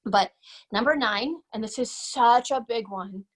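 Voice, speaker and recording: A woman's voice: on the high side, a little slow. Middle-aged lady doing a pumped-up business webinar talk, repeats stuff for emphasis. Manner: energetic, emphatic, repeats key phrases. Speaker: guest speaker. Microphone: webinar microphone.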